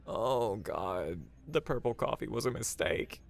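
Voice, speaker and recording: A man voicing a flustered, panicky young man who babbles nervously and squeaks when desperate. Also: sing-song, a little slow, gravelly, heavily acted.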